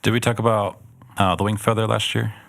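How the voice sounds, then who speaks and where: A man's voice: fairly low pitch, little pitch movement, brisk, gravelly, a bit bright, no echo. A man co-hosting a church podcast, recommending a book series in a loose, rambling way full of ums. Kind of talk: casual book recommendation chat.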